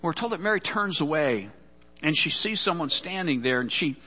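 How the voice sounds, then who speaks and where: A man's voice: on the high side, expressive, moderate pace, bright, forceful tone, in a large hall. A man preaching a sermon, telling a scripture story earnestly and often repeating words as he goes. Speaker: pastor.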